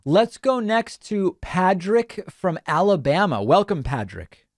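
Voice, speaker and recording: A man hosting a call-in political talk show, thinking out loud with animated emphasis. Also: high voice, slow pace, no room sound, studio quality.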